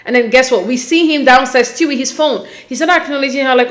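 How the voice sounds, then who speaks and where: A woman with a fairly high voice talks through a reality-show recap in a casual, conversational way. She speaks straight to her viewers, animated and exasperated as she calls out what she saw. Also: moderate pace. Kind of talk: casual commentary.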